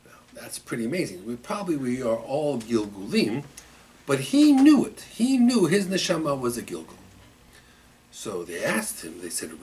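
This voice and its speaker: A man teaching as rabbi in a weekly Torah class, telling stories in an animated way with frequent repetitions. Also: mid-range voice, normal speed, slight background noise. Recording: distant mic in a room.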